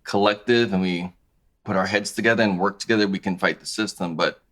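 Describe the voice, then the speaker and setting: A man in his thirties, a podcast guest talking about his clothing brand in a relaxed, conversational way. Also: low-pitched, fairly quick. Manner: relaxed, conversational, thinks aloud with restarts. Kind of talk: casual interview chat.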